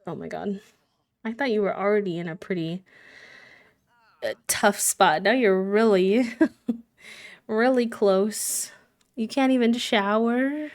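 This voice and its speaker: A woman's voice: medium pitch, slow pace, long pauses. A woman live-streaming a game, chatting casually, giggling and cooing fondly at the characters. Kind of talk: casual chat while playing a life-sim game.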